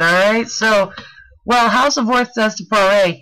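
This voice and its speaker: A woman presenting a talk with slides, telling a story in a playful, animated way with slangy, jokey asides. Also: medium pitch, a little slow, poor audio.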